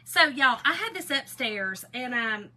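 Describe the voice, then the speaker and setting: Woman, craft livestream host, excitable chatter, bright voice, slightly high. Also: measured pace. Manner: chatty, greets viewers by name, excitable. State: one ear still muffled. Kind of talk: casual live-stream chat.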